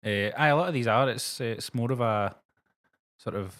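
A Scottish man chats in an easygoing way on a podcast. His voice is pitched mid-low. He tells wry stories and often laughs along. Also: moderate pace, a bit bright. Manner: laid-back, dry, laughs often. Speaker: podcast co-host, musician. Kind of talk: casual chat.

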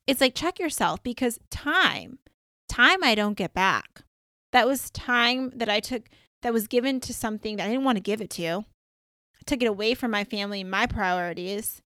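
A woman coach hosts her podcast alone, retelling a dream in a loose, animated monologue. Her voice sits somewhat high, and the sound is close and dry with no room around it. She talks casually, leaning on "like" and "you know.". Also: moderate pace, pauses often, no echo. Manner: chatty, many "like"s, lively retelling.

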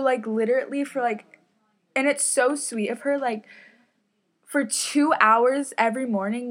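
Rambling chatty young woman podcaster. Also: mid-range voice. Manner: rambling, chatty, lots of "like" and "um", self-deprecating. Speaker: podcast host. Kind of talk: casual solo podcast storytelling. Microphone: podcast mic on a stand.

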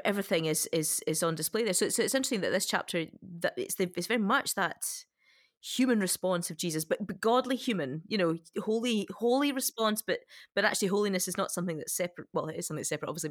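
Fast-talking woman co-host, dry sound. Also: on the low side, dry recording. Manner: quick, thinking aloud with restarts. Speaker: podcast co-host. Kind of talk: casual discussion.

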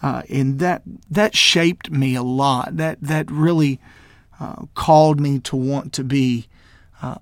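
Speaking as a minister from Mississippi, he recounts a personal testimony with frequent fillers and false starts, occasionally turning emotional and tearful. The pitch is medium, and there's no echo.

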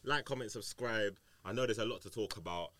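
A man's voice: on the low side, a little fast, a bit bright, no echo. A man hosting a podcast, laid back as he signs the show off. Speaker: podcast host. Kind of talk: casual chat, show sign-off.

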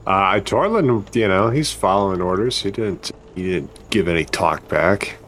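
A man's voice: low voice, animated, unhurried, a bit bright, slight background noise. A man playing a tabletop game, talking casually and asking questions. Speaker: player.

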